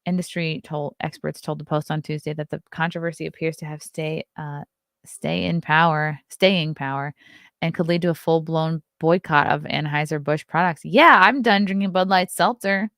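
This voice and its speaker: A woman with a Long Island accent hosts a casual morning livestream, reading news and tossing off blunt, sarcastic asides. Her voice sits a little low, and the sound is dry and close with no room around it. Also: steady tone, moderate pace, fairly bright tone, no room sound. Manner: blunt, sarcastic, reads headlines aloud and riffs on them. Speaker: host.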